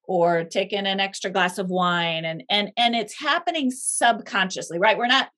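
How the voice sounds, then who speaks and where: A woman speaks as an invited author in a faith-based conversation, laying out her ideas patiently and thoughtfully. She often lifts her pitch sharply to stress a word, then settles back to a middle register. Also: normal speed. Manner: thoughtful, explanatory, lively pitch swings for emphasis. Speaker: guest author.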